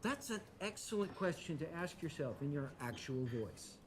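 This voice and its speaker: A man's voice: fairly high pitch, sing-song, moderate pace, noisy background. An actor playing a blunt adult male customer who sarcastically mocks a barista. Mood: deadpan. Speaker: coffee shop customer.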